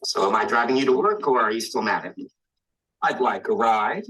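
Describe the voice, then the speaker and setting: An actor playing a young man in a sitcom, speaking quick everyday conversational lines with a husky voice. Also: medium pitch, expressive, fairly bright tone, low-quality recording. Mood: casual. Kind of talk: sitcom dialogue.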